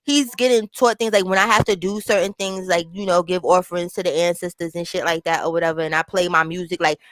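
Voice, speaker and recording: A woman's voice: on the low side, steady tone, quick pace, fairly bright tone, no echo. A woman talking in a loose, slangy casual chat, often checking in with her listener. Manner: slangy, keeps asking "you understand?".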